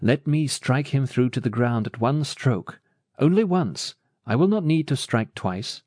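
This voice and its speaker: A man's voice: mid-range voice, lively intonation, a little slow, a little mellow, no room sound, studio quality. A man voicing an eager young warrior in a Bible storybook, urgent and keen.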